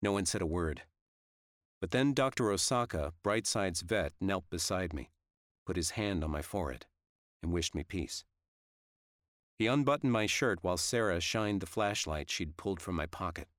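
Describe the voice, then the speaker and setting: A man narrating a first-person story in a steady, even way. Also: low-pitched, normal speed, no echo, studio quality. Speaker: audiobook narrator.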